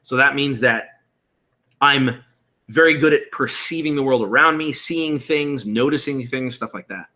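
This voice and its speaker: A man's voice: mid-range voice, measured pace, sharp tone. A man in his thirties hosting a live-streamed tutorial, casually explaining tabletop game rules and answering chat.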